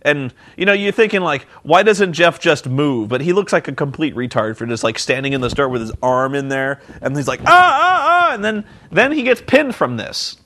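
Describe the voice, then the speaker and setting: A man's voice: medium pitch, very animated, brisk, hardly any pauses, a bit bright. A man giving a sarcastic, comedic recap of a wrestling show, often acting out the people in it with silly voices. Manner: sarcastic, mocking, acts out quotes in silly voices. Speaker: reviewer.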